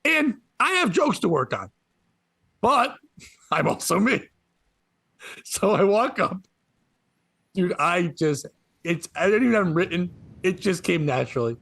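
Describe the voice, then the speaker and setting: A man in his forties with a notably high voice tells a story on a podcast, growing excited and laughing through his own lines. The sound is close and dry, with no room around him. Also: unhurried, vocal fry, long pauses, breathy edge, dry recording. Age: 40s. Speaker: comedian guest.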